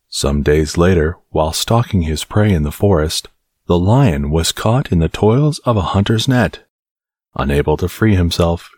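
A man hosting a sleep podcast, reading a bedtime story in a calm, measured, scripted narration. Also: deep voice, no room sound, studio quality.

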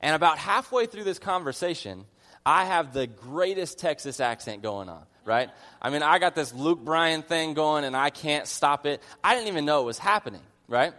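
A man's voice: fairly high pitch, animated, moderate pace, pushed and bright. A man preaching a conversational sermon as a pastor, earnest in his teaching and mixing in humorous personal asides. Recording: long reverb of a large hall.

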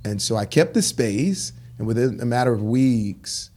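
A man's voice: medium pitch, normal speed. A man telling stories about his business in a casual interview, acting out the dialogue he quotes. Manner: animated, acts out quoted dialogue. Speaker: guest, clothing store founder.

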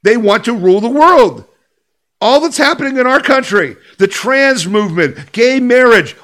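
A man's voice: high-pitched, a bit bright. A man hosting an opinion podcast, talking emphatically and combatively, repeating his points and asking the listener rhetorical questions. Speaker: podcast host. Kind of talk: opinion commentary.

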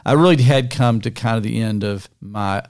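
A man's voice: fairly low pitch, normal speed, a little mellow. An older man co-hosting a podcast, talking in a folksy, teasing way. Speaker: podcast co-host. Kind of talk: casual podcast chat.

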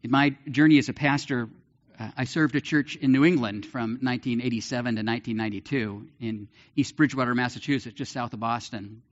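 A male pastor preaching a sermon in an animated way, with big swings in pitch and the odd light laugh. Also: brisk. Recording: dull lo-fi sermon recording.

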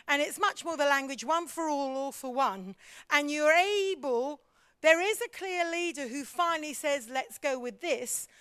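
High-voiced woman teaching in church. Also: no room sound, clean studio sound. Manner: animated, questions the audience, acts out voices. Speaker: church leader teaching on leadership.

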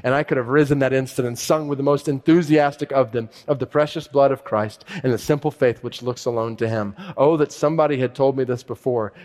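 A man's voice: medium pitch, steady tone, a little fast, few pauses, darkish tone. A male pastor preaching a sermon, talking casually and reading a conversion story aloud. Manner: conversational, reads passages with shifting intensity.

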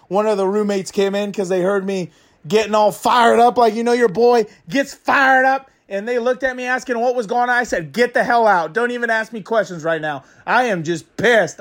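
This is a comic character monologue, with a man voicing a young male sports fan who cannot let a loss go. He rants crudely and with exasperation, voice held high and thin, swinging between disbelief and open cursing. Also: moderate pace, close to an everyday voice. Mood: fuming. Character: fired-up young male football fan, ranting.

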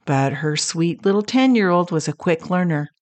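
A woman hosting a counseling podcast, calmly teaching and telling stories about clients. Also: lowish voice, normal speed, dry recording. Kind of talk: scripted teaching talk with stories.

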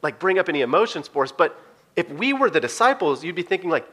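A male pastor gives a sermon in a relaxed, conversational manner. His voice is bright and fairly high. He explains things plainly, as if talking with friends. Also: fast talker. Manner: casual, conversational preaching.

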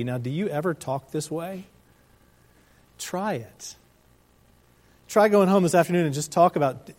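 A man's voice: a little high, a little mellow. Emphatic male preacher, rhetorical questions. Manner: slows down to stress key words. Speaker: pastor. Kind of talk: sermon.

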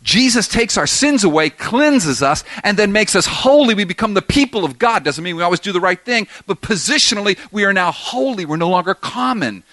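Man preaching, emphatic, lively pitch, bright tone, dry close sound. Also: fairly quick, few pauses, dry recording. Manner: emphatic, rhetorical questions to the audience. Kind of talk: expository sermon.

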